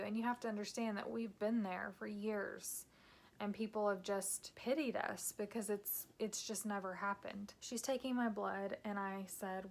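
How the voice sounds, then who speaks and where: A woman's voice: medium pitch, steady tone, measured pace, creaky. A woman in her thirties telling her own story to camera in a candid, emotional way. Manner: candid and emotional, with some soft hushed passages. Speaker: vlogger.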